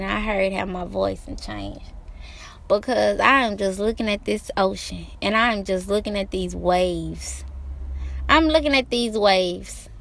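Slow, gravelly-voiced woman preaching to herself. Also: mid-range voice, a bit bright. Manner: emphatic, repetitive, preachy. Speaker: vlogger. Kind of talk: motivational self-talk. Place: outdoors by the ocean.

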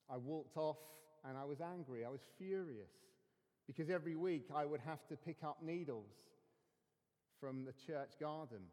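A man preaching a sermon as a pastor, telling a personal story earnestly and dropping to hushed tones for emphasis. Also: medium pitch. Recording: long hall reverb.

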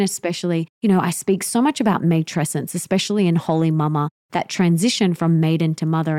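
A woman's voice: lowish voice, mellow, no echo, studio quality. A young woman hosting a solo podcast, giving parenting tips in an earnest, emphatic way that repeats key points. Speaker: podcast host.

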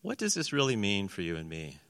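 A man with a lowish but bright, forceful voice preaches a sermon, telling the story with animation and slipping into the voices of the people in it. His words ring out with a long reverb in a large church hall. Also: huge pitch swings, brisk. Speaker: pastor. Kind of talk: sermon with scripture reading.

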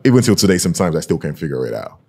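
A man talks in an animated, storytelling way. His voice sits low and has a husky grain. His pitch swings widely as he talks, which keeps it expressive. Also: racing. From Nigeria. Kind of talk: casual chat.

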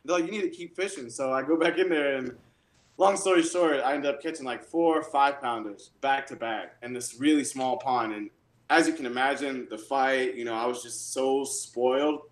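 Excitable man telling stories in a roomy space. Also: medium pitch, moderate pace. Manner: excitable, animated storyteller. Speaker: guest angler and realtor. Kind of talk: casual storytelling. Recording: roomy echo.

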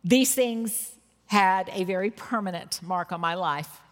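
A woman's voice: medium pitch, a little slow. Woman preaching in a reverberant hall. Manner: earnest storytelling, emphatic bursts. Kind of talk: sermon with personal stories. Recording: long reverb of a large hall.

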